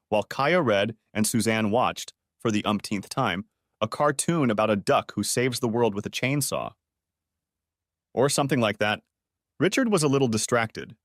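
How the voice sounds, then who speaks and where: Measured male storybook narrator, dry sound. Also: mid-range voice, no echo. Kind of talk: audiobook narration.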